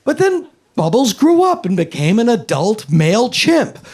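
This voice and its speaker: A man doing a stand-up routine, telling a story deliberately and drawing out his punchlines. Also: high-pitched, very animated, a little mellow, breathy edge. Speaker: stand-up comedian.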